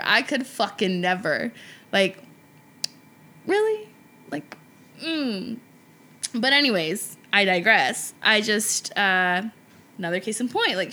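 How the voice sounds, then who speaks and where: A woman's voice: a little high, pushed and bright. A young adult woman chatting casually as a podcast co-host, blunt and swearing freely. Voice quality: blunt, profane, emphatic. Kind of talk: casual chat.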